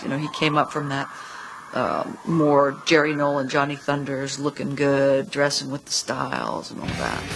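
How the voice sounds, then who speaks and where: A man speaking in a relaxed, conversational way in a documentary interview. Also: on the high side, slight background noise, poor audio.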